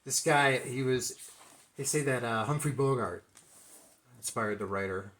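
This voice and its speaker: With a medium-pitched, fairly bright voice and a measured pace, this Midwestern American man casually talks through his comic book haul on video. His commentary is unscripted and rambling, as he thinks aloud and fills gaps with fillers.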